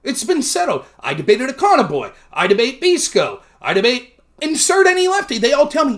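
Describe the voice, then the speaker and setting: A man's voice: extremely high pitch, wildly swooping pitch, brisk, a bit bright. A man hosting a livestream of political commentary, talking casually and sarcastically while answering viewer comments. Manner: sarcastic, mocking, reads chat aloud.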